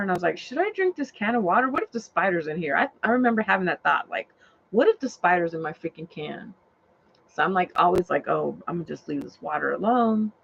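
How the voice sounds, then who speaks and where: A woman's voice: mid-range voice, creaky. A woman and rideshare driver, animatedly telling a story from her car, says "like" and "oh my God" constantly. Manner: excitable, says "like" and "oh my God" a lot. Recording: dull lo-fi sound.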